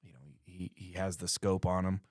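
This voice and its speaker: A man from Colorado with a deep, low voice tells a story as a guest, casual and animated, acting out the quotes. The sound is dry and close, with little room echo. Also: moderate pace.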